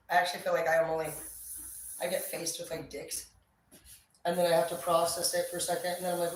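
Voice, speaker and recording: A woman's voice: fairly low pitch, flat delivery, quick pace, distant mic. A woman rambles on in a loose, cheerful way, peppering her talk with swear words. She sits back from the mic, and her voice rings around a very echoey space. A faint hum of ambient noise stays under everything. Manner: chatty, profane, upbeat. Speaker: vlogger. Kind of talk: casual chat.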